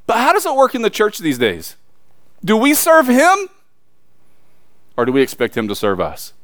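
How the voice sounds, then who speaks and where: A man preaching a sermon, reading scripture and then talking it through in a casual, emphatic way with sudden loud peaks and quiet asides. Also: high-pitched, huge pitch swings, moderate pace, no room sound, clean studio sound. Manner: reads scripture aloud then preaches conversationally with slang.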